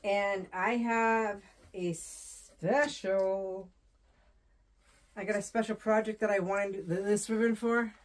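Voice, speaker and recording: A woman's voice: mid-range voice, steady tone, takes it slowly. A woman from Southern New Hampshire, chatting casually as she unboxes wreath ribbon, rambling and repeating her phrases. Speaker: wreath designer and vlogger.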